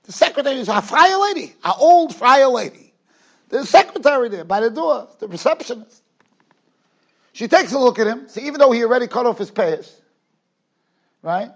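Animated high-voiced rabbi lecturing. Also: male voice, moderate pace, long pauses. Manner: animated, swings from emphatic to hushed, repeats phrases. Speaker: rabbi giving a Torah class. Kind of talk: yeshiva lecture. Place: yeshiva study hall.

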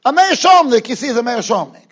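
A man giving a lecture as a rabbi, emphatic one moment and hushed the next, often repeating his phrases. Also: very high-pitched, animated, fast talker, slightly rough. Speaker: rabbi giving a Torah class. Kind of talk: yeshiva lecture. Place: yeshiva study hall.

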